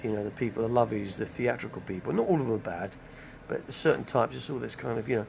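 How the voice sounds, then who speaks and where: A man's voice: mid-range voice, lively intonation, fast, gravelly, a little hiss or hum. An older man, rambling casually on a live stream, chatty and digressive. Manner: chatty, digressive, name-dropping.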